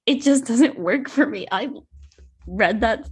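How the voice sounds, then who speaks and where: A woman's voice: fairly high pitch, lively intonation, slow, breathy edge. A woman co-hosting a book podcast, talking casually and unhurriedly with plenty of fillers. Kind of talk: casual chat.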